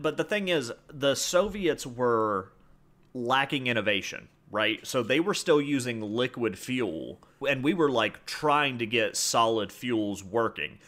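Lively, bright-voiced man hosting a podcast. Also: medium pitch. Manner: explains with jokes and asides. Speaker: podcast host. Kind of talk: casual history podcast narration.

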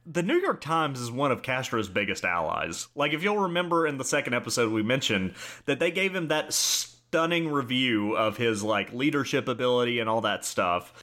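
Young male podcast co-host, animated and bright, talks through notes with easy laughs. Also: medium pitch, moderate pace. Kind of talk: casual history podcast chat.

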